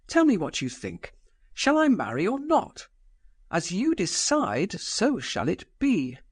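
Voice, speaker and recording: A man narrating a novel, voicing a proud, defiant young woman who speaks solemnly and forcefully. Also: sits high, wildly swooping pitch, takes it slowly, breathy edge, dry recording, clean studio sound, pitched above the performer's own voice, exaggerated voice. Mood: teasing.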